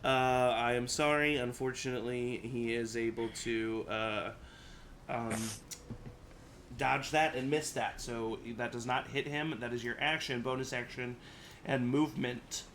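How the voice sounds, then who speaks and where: A man's voice: medium pitch, steady tone, a little slow, fairly bright tone, slight background noise. A man narrating a tabletop game as game master, casual and laid-back, chuckling often.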